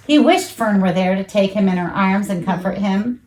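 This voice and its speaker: A woman reading a children's storybook aloud, expressive, jumping high for the animal voices. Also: normal speed, a little hiss or hum, rough recording. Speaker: children's book reader.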